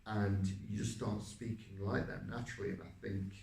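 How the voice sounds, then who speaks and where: A man, an actor, reflecting on his vocal technique, halting and searching for words. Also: on the low side, steady tone, gravelly, darkish tone. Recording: roomy, distant mic.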